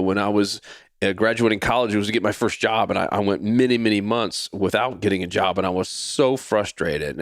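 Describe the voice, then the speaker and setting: A fairly low-voiced man in his forties hosts a podcast recorded in clean studio quality without echo. He tells a personal story that becomes a faith lesson, animatedly voicing what people said and repeating phrases.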